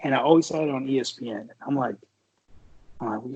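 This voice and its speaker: Brief: husky-voiced Marine vet in his forties, co-hosting a podcast, rambling and profane. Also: medium pitch, brisk, darkish tone, dull audio. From San Francisco Bay Area. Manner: profane and rambling, full of fillers and restarts. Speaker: podcast co-host, Marine veteran. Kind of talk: casual storytelling chat.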